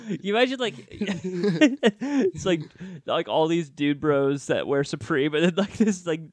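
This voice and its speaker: A man in casual comedic conversation with friends, riffing on absurd ideas. His voice sits on the higher side and moves with lively swings of pitch. He laughs often between lines. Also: measured pace, dry recording. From Wichita, Kansas. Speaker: podcast co-host.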